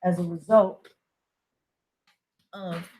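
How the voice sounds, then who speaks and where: A woman's voice: fairly low pitch, fairly even intonation, very slow, a little mellow, rough recording. A woman giving a blunt, profane casual monologue as an online commentator, emphatic and full of restarts.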